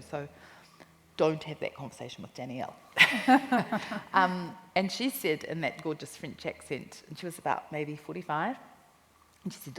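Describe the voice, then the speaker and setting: A woman with a New Zealand accent, a cookbook author telling lively anecdotes in a stage interview at a live festival talk. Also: low voice, moderate pace. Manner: animated anecdotes with quoted voices and laughter. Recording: reverberant hall with faint noise.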